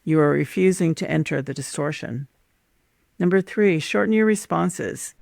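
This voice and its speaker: Gravelly-voiced woman teaching calmly. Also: sits low, no echo, studio quality. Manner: calm, measured, instructive, lays out numbered points. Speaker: host. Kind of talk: scripted teaching monologue on relationships.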